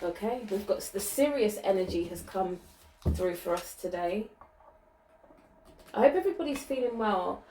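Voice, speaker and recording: A woman's voice: medium pitch, expressive, moderate pace, pauses often, background noise. Chatty woman card reader in an echoey room. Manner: chatty, many fillers and restarts. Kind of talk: casual card-reading vlog. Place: small indoor room with a vent.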